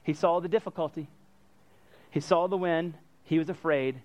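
Animated male preacher, dry close sound. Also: fairly high pitch, moderate pace, no echo. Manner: animated, acts out quoted lines. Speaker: pastor. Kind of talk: sermon.

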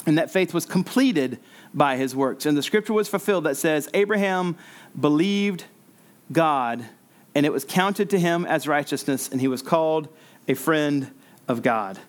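A man's voice: on the high side, normal speed. A man preaching an expository sermon, earnest, repeating words and restarting as he explains.

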